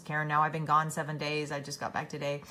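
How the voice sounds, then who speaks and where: A woman's voice: low voice, monotone, fast, bright, forceful tone, a little hiss or hum. A woman hosting a casual live stream, tired, reading out viewer comments and answering them by name with many fillers and restarts.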